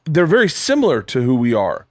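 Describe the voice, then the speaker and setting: A middle-pitched American man hosts a casual podcast chat. He rambles and restarts often and fills his gaps with "like." The recording is dry and close. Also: wildly swooping pitch, dry recording. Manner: rambling, halting, lots of "like". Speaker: podcast host.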